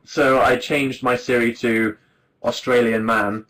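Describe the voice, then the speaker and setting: A man's voice: mid-range voice, level tone, moderate pace, a bit bright, poor audio. Rambling young man chatting on livestream. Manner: rambling, self-deprecating, laughs often. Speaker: livestream host. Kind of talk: casual chat to viewers.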